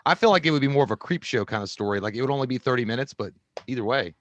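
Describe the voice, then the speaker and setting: A man's voice: medium pitch, expressive, racing, fairly bright tone. A man co-hosting a movie podcast, chatting casually and telling rambling, profane stories with acted-out quotes. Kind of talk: casual chat.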